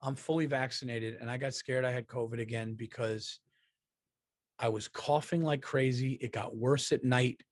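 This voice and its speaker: A man's voice: mid-range voice, fairly even intonation, normal speed, dry recording, clean studio sound. A man in his thirties, a comedian hosting a casual solo podcast, rambling and profane, stuffy from allergies. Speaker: podcast host and stand-up comedian.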